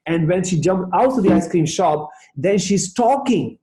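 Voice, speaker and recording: A man's voice: high-pitched, expressive, moderate pace, warm tone. A man giving a rousing, emphatic motivational talk and telling a story to his listeners. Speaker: motivational speaker. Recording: roomy echo.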